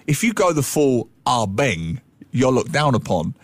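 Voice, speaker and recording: A man co-hosting a casual radio chat, playful and animated, slipping into mimicked voices. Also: mid-range voice, a little slow, no room sound. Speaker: radio co-host, language commentator.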